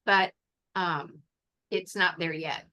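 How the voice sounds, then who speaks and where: A woman's voice: fairly low pitch, steady tone, slow pace, sharp tone. A woman explaining things in a casual online meeting, rambling with many fillers, heard over a video call. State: has the hiccups. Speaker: meeting leader.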